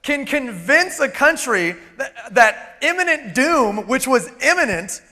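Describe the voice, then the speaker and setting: A man giving a live motivational keynote on stage, energetic and emphatic, throwing out rhetorical questions. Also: extremely high pitch, unhurried. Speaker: motivational speaker. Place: large event hall on stage. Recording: long reverb of a large hall.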